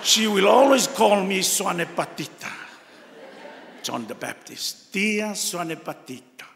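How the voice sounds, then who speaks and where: Older male cleric, Tongan accent, gravelly, emotional testimony; reverberant hall. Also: high voice, lively intonation, a bit bright. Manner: emotional, heartfelt storytelling with pauses. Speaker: cardinal giving a talk. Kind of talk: personal testimony talk.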